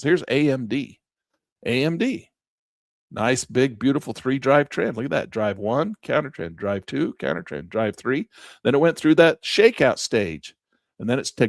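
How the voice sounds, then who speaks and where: A man's voice: medium pitch, dry recording, clean studio sound. A man giving a casual chart walkthrough as a trading instructor, emphatic and folksy, chanting repeated words for effect.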